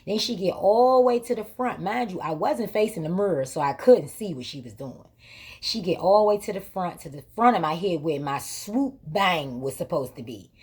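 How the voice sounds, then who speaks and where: A woman's voice: lowish voice, normal speed, slightly rough. A woman hosting her own vlog, telling a story in casual, colloquial speech with emphatic repetition. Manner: emphatic, repetitive retelling with lively quoted exchanges; colloquial, vernacular grammar. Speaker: vlog host.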